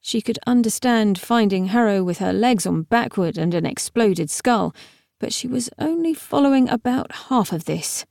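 A woman narrating an audiobook in a measured, expressive way. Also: mid-range voice, creaky, no echo, studio quality. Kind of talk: scripted narration.

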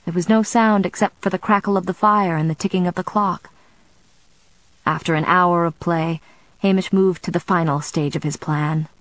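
A woman narrating a novel in a measured, steady storytelling manner. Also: on the low side, dry recording, poor audio. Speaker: audiobook narrator. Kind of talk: scripted narration.

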